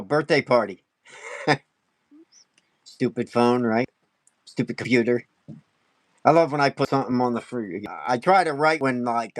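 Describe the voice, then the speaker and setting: A man teaching wood carving on a casual live stream, talking fast and excitably and laughing often. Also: medium pitch, no room sound.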